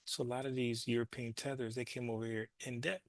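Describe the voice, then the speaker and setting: A man's voice: mid-range voice, flat delivery, fast, no room sound. A man hosting his own show, talking loosely and profanely and doubling back on his words as he explains. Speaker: show host. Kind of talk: casual commentary monologue.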